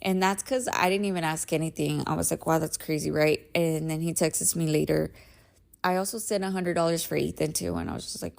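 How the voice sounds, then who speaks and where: A woman's voice: low voice, fairly quick, vocal fry. A woman in her thirties hosting a podcast, telling a personal story in a candid, emphatic way, swearing freely and often asking "right?". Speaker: podcast host. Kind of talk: casual storytelling monologue.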